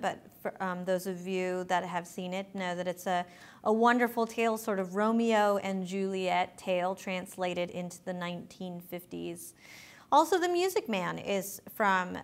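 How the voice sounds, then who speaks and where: A woman lecturing her class in a relaxed, conversational way. Her voice sits at an ordinary middle pitch. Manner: conversational, with fillers.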